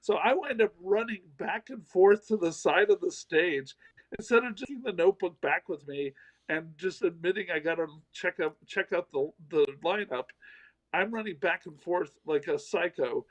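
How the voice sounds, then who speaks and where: A man's voice: high voice, low-quality recording. A middle-aged man from the American South, a comedian telling a self-deprecating story in a casual interview. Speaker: comedian guest.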